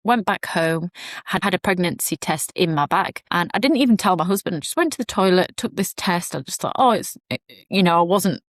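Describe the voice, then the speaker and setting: A woman's voice: lowish voice, fairly quick, no room sound, clean studio sound. A young woman podcast host telling a personal story in a chatty, rambling way with asides.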